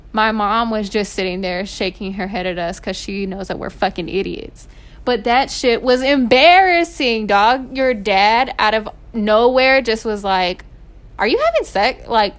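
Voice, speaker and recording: A young woman, hosting her podcast and telling stories in a casual, animated way. She laughs often and swears freely. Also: medium pitch. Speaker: podcast host. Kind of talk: casual storytelling. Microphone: home recording setup.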